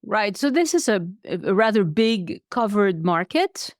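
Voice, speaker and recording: A woman's voice: medium pitch, very animated, unhurried, no echo. Woman hosting a chat, friendly, hunts for words now and then, dry sound. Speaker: podcast host. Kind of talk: conversational interview.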